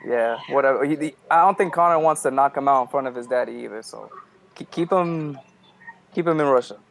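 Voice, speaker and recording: A man's voice: medium pitch, a little fast, gravelly, crowd noise, rough recording. A man on an MMA podcast panel, talking in a blunt, profane, joking way. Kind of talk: casual MMA podcast chat.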